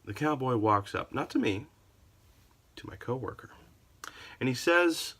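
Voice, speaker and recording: A man's voice: medium pitch, lively intonation, measured pace, long pauses, a bit bright. A man telling a comic story about a customer in a sarcastic, theatrical way. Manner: theatrical, sarcastic, wildly varied delivery.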